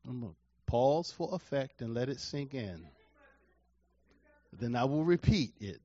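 A male pastor delivering a sermon, repeating his key phrases and swinging from quiet, measured lines to loud, emphatic ones. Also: on the high side, sing-song, dry recording, lo-fi sound.

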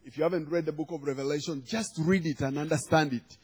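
A man's voice: fairly high pitch, steady tone, fast talker, a little mellow, breathy edge. A man preaching a sermon, telling a humorous story and acting out the quoted lines. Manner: storytelling with acted quotes and laughter.

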